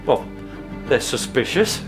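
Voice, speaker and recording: A man, a historian telling the story in an animated way with frequent restarts. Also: takes it slowly, loud music behind the voice. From Britain. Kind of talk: documentary interview.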